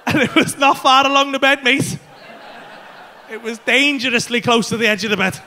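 A man in his thirties performing a stand-up comedy set on a club stage, telling a brash, sweary story with bursts of shouting into a handheld mic. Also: very high-pitched, moderate pace, slight background noise.

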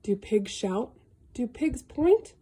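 Woman reading a kids' picture book, high bouncy voice, super slow, kinda husky. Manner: slow, sing-song, animated with gasps and animal sounds. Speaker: storybook reader.

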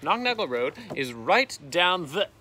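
A man voicing a cheerful male lunatic chasing butterflies, high and excitable, in a storybook reading. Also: measured pace, slight background noise, exaggerated voice.

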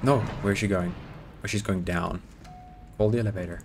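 A man giving excitable let's-play commentary, swearing, joking and pleading with the game as he plays. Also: low voice, normal speed, over music. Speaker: gaming YouTuber.

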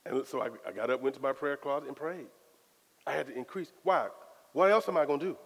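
A man preaching a sermon as pastor, in a lively, conversational style full of casual Southern phrasing. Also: mid-range voice, vocal fry, breathy edge. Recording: long hall reverb.

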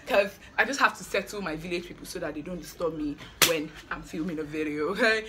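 A woman's voice: lowish voice, fast talker, heavy background noise. Giddy, breathless young woman vlogging. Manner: giddy, hyper and dramatic, repeats herself. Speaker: YouTuber, medical student. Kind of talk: excited casual vlog chat.

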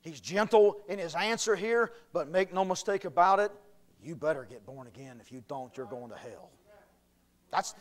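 A pastor with a high voice preaches in a church, dropping to low earnest tones and then rising to shouted declarations. He is a man, and his voice carries through the sanctuary. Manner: swings from quiet earnest talk to shouted emphasis. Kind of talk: sermon.

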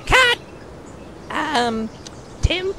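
A woman's voice: mid-range voice, huge pitch swings, unhurried, a bit bright. Brief: fussy cartoon director, male, played by a woman, wildly swooping, barks orders, audible hiss behind. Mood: bossy. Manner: exclaiming, bossy.

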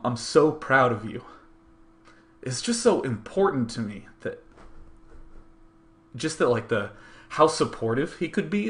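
A young man recalling a tournament in earnest, conversational storytelling, with plenty of fillers. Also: mid-range voice. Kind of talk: reflective storytelling.

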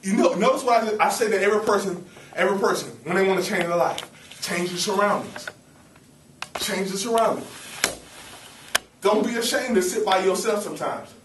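High-voiced young man preaching animatedly. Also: normal speed, pauses often, a little hiss or hum. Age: young adult. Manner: animated, playful, calls to the audience. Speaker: campus ministry preacher. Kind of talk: lively sermon. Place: campus ministry meeting room. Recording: roomy hall, mic at a distance.

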